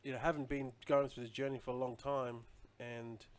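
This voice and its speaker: A man's voice: medium pitch, little pitch movement, moderate pace. A man chatting casually on a live stream, rambling loosely and answering viewer comments as he goes.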